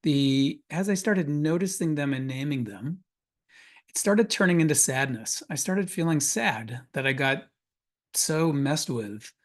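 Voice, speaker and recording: A man's voice: fairly high pitch, lively intonation, a little slow. A man presenting on a webinar panel, telling a personal story earnestly with frequent restarts. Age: adult parent of a school-age child.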